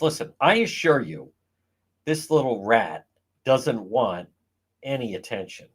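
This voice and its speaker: A man hosting a casual livestream, ranting in an animated, profane way. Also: mid-range voice, measured pace, breathy edge. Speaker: livestream host.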